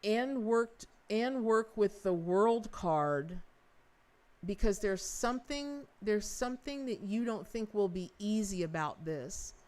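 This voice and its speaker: A woman hosting a live-stream tarot reading, talking in an effusive, rambling way with many restarts and speaking warmly to her viewers. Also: medium pitch, animated, slow. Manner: folksy and affectionate with viewers. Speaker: tarot reader and livestream host.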